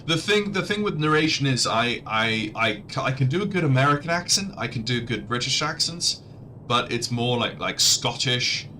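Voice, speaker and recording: A man with a bright, forward voice talks casually through a livestream. He rambles in a chatty way and keeps restarting his sentences as he explains what he is doing. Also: medium pitch, lively intonation, moderate pace, a little hiss or hum. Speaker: livestreamer and audiobook narrator. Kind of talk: casual livestream commentary while playing a flight sim.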